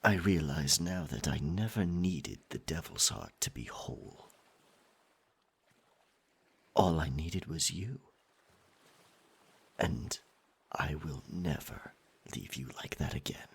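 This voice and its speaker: A man voicing an obsessive, possessive male pirate captain in a whispered role-play, breathy and intense, alternately doting and scolding. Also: mid-range voice, huge pitch swings, slow, a bit bright, heavily acted. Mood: tender, remorseful. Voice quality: husky, breathy. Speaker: ASMR role-play performer.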